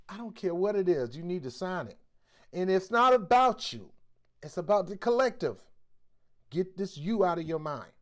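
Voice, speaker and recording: Forceful, preachy male host. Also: high voice. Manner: forceful, exhorting, blunt street slang. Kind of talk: preachy commentary.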